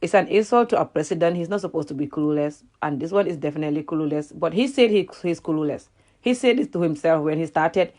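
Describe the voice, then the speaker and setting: This Gambian woman, a native Wolof speaker, vlogs a casual reaction rant in a low, brisk, slightly mellow voice. Searching for words, she tends to repeat them and frequently laughs at herself.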